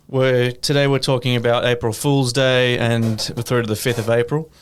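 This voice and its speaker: A man's voice: medium pitch, flat delivery, moderate pace, a little hiss or hum. A young man with an English accent hosting a podcast, chatting casually and rambling through self-corrections. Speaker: podcast host. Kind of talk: casual chat.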